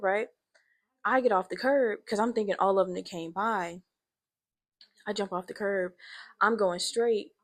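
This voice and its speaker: This is a young woman talking straight into her podcast mic. She tells her story in a loose, profane, animated way and pushes her voice up into shouting when it gets tense. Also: medium pitch. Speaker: podcast host. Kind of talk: casual storytelling monologue.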